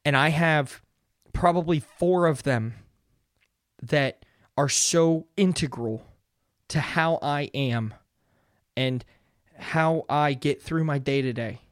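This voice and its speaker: A man's voice: a little high, takes it slowly, pauses often, no echo, clean studio sound. A young man hosting a solo motivational podcast, talking earnestly and conversationally and often checking in with "right?". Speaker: podcast host.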